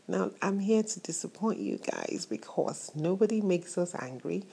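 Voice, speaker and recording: A woman's voice: fairly low pitch, lively intonation, moderate pace, vocal fry, hardly any pauses, slightly rough. A woman hosting an inspirational faith-based talk, speaking to her listeners with affectionate words and preacher-like repetition for emphasis. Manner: warm, affectionate addresses to listeners. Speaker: host of a motivational show.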